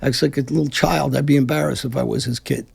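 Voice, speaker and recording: A man's voice: mid-range voice, steady tone, fast, creaky, darkish tone, husky. A man from Brooklyn, speaking bluntly and combatively with frequent profanity as a guest in an interview. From Brooklyn, New York. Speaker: guest, former mafia figure. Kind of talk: casual interview talk.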